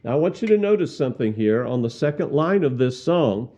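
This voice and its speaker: A man teaching how to lead a cappella hymn singing, speaking deliberately, repeating words and singing hymn lines as examples. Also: medium pitch, very animated, warm tone. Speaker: song leading instructor. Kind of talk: instructional demonstration with sung examples. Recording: slightly dull, muffled sound.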